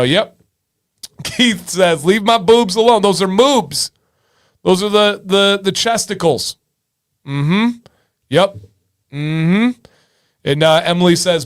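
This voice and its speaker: A man's voice: high voice, expressive, takes it slowly, pauses often. A man in his thirties hosting a casual livestream, joking with viewers and breaking into bits of song. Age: 30s. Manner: jokey, sings snatches of songs, chats with viewers. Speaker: livestream host.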